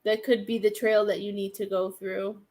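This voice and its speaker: A psychic medium hosts a live-stream reading in a darkish, medium-pitched voice with a level tone and normal speed. She sounds hesitant, thinking aloud as she addresses viewers by name.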